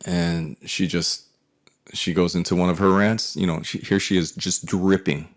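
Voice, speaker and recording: A man's voice: deep voice, fairly even intonation, moderate pace. A man in his forties telling a personal story in a profane, rambling, wry way. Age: 40s. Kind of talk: casual storytelling monologue.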